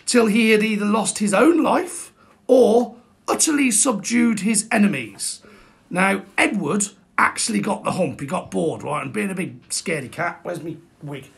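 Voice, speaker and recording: A man's voice: high voice, creaky, fairly bright tone. A man hosting a casual live-streamed history talk, jokey and chatty, greeting viewers by name. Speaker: host.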